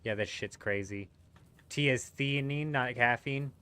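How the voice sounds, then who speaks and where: A man's voice: mid-range voice, a little slow, pushed and bright, smooth. Chatty man streaming a game. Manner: chatty, answers viewer chat while playing. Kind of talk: casual live-stream chat.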